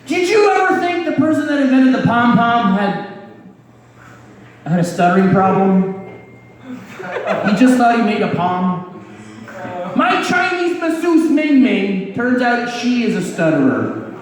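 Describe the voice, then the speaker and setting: High-voiced man doing deadpan stand-up. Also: measured pace, long pauses. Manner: deadpan crude one-liners with a dry "you're welcome" tag. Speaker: stand-up comedian. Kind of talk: live stand-up set. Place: comedy club stage before a laughing audience. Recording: echoey room, distant mic, crowd laughter.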